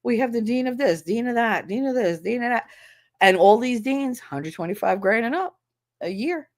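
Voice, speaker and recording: A woman's voice: a little high, lively intonation, moderate pace. A woman who is a former schoolteacher, talking bluntly and with profanity in a casual livestream chat. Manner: blunt and profane, acts out quoted voices.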